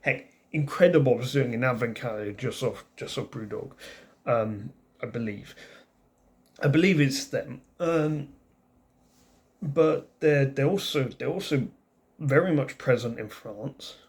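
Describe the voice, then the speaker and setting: A man's voice: mid-range voice, unhurried. A man hosting a casual vlog beer review who rambles and often restarts his sentences.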